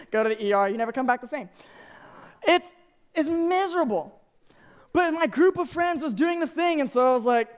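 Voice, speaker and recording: A young man in his twenties from Arkansas, giving a joking, animated talk to students as a youth speaker. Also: very high voice. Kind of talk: sermon to students.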